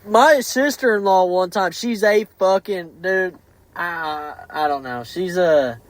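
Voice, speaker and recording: A man hosting a podcast, telling stories in an animated, profane way with many restarts. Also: sits high, slow pace, noisy background. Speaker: podcast host. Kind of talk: casual podcast chat.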